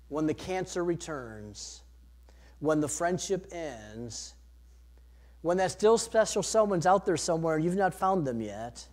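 A man preaching a sermon, earnest, rising to emphatic peaks and then dropping soft. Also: sits high. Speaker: pastor.

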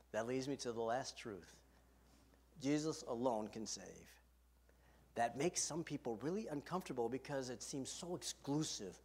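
A man's voice: sits high, lively intonation, moderate pace. A man preaching a sermon as pastor from a podium, earnest and emphatic, asking his listeners direct questions. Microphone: podium microphone.

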